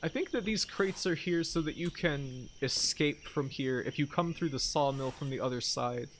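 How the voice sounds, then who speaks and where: A man's voice: fairly high pitch, moderate pace, fairly bright tone, slight background noise. Wry man rambling over gameplay. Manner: wry, rambling, jokey asides. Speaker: streamer. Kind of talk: casual gameplay commentary.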